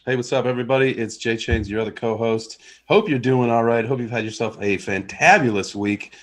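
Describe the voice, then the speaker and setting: A man's voice: mid-range voice, steady tone, a little fast. A man co-hosting a casual podcast chat in a laid-back, friendly way. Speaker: podcast co-host.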